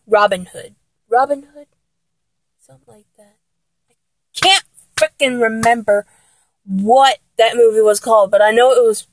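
A woman's voice: a little high, no echo. A woman chatting casually about songs she loves, rambling with many ums and restarts and breaking into bits of song. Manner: sings snatches of songs badly. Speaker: music fan talking to viewers.

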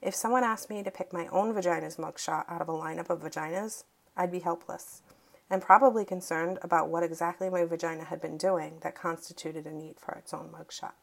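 A woman from Massachusetts with a Massachusetts accent, chatting casually through an accent tag video, relaxed and chuckling as she reads word lists. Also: on the low side, brisk, vocal fry. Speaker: audio recording creator.

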